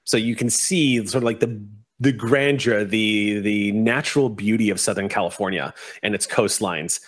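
A man running a tabletop game as game master, narrating scenes with animated, laughing energy. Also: lowish voice, normal speed. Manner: animated, laughing, swears freely.

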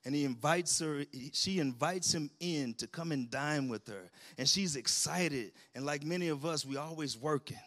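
Lively preaching man, fairly high voice. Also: moderate pace, hardly any pauses. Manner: lively preaching with laughs and call-outs, colloquial. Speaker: pastor. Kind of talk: sermon. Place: church sanctuary.

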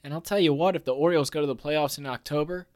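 A man's voice: on the high side, steady tone, fast, darkish tone. A man hosting a casual sports podcast, talking in a playful, jokey way and hyped about his team. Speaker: podcast host.

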